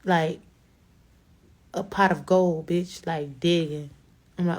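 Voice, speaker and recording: A young adult woman with a Chicago accent telling a blunt, profane, animated story in a casual storytime to camera. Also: on the low side, unhurried, long pauses. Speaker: rapper.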